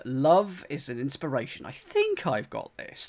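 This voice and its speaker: A man's voice: medium pitch, very animated, moderate pace, few pauses, a little mellow. A man from the UK streaming live as he solves a crossword, thinking aloud, repeating clues and talking to his chat with lots of fillers and restarts. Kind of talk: casual live-stream commentary.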